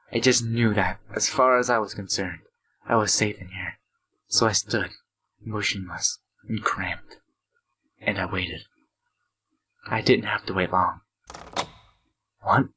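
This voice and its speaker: A man's voice: lowish voice, bright, forceful tone, rough recording. A half-asleep man hosting a let's play, reading the game's text aloud with asides and stumbling, stuttering delivery.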